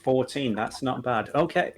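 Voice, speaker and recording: A man narrating as dungeon master in a live tabletop game, unhurried and full of filler words. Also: medium pitch, poor audio.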